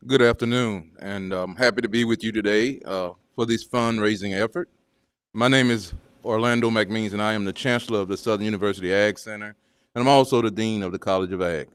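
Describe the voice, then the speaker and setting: A man university chancellor giving a formal, measured introduction on a panel. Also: fairly low pitch, fairly even intonation, smooth, no echo, studio quality.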